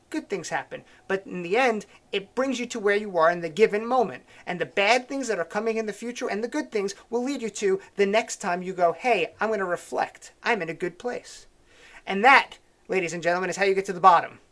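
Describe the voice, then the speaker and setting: A man's voice: sits high, a bit bright. A man hosting a live-streamed news commentary show, ranting with sarcastic and preachy asides.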